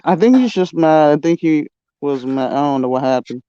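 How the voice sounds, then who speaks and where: Man, hesitant casual talker; smooth, mellow voice, lo-fi dry sound. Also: a little high, animated, normal speed, no room sound. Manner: hesitant, many fillers. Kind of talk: casual chat.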